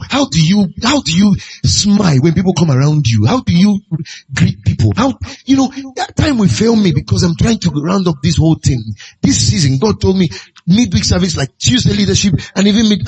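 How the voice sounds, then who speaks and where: Husky pastor, lively preaching. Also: male voice, a little high. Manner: emphatic preaching with repeated rhetorical questions. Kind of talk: sermon.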